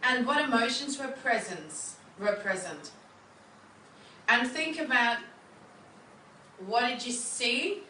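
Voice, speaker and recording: This wellness coach leads a workshop, guiding a group through a lesson in an upbeat, encouraging way and often turning questions back to the room. Her voice is a little high and sharp, with lively intonation, a slow pace and frequent pauses. The recording sounds roomy and distant, with a faint hum in the background.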